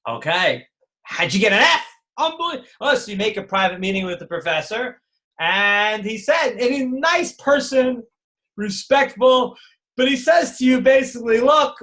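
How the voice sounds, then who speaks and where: A man's voice: on the high side, a bit bright. A middle-aged man teaching an online class in a chatty, digressive lecture style. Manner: chatty, digressive, acts out voices of others. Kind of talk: casual lecture.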